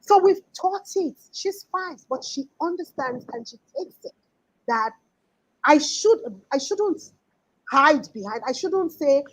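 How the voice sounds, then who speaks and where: A woman's voice: high voice, animated, slow pace, rough recording. A woman in her forties giving an earnest, emphatic motivational talk as a life coach, often restarting her sentences.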